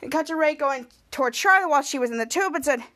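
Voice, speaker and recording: Woman podcast host, high voice, halting scene-by-scene TV recap. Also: expressive, bright, forceful tone. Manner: halting, repeating words as she retells scenes. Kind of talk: casual TV episode recap.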